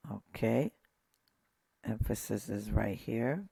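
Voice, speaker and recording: A man teaching a pronunciation lesson, saying each word slowly and repeating it while pointing out accent marks. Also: medium pitch, expressive, darkish tone. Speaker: Hebrew teacher.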